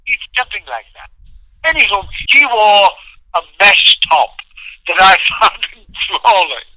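A man voicing an eccentric, grandiose character who plans his own wedding in a theatrical, slow, self-satisfied way. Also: sits high, sing-song, pushed and bright, no echo, exaggerated voice, low-quality recording.

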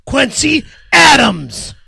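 Shouting man with a gravelly voice. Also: very high-pitched, sing-song, slow pace. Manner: angry, shouting, stammering outbursts.

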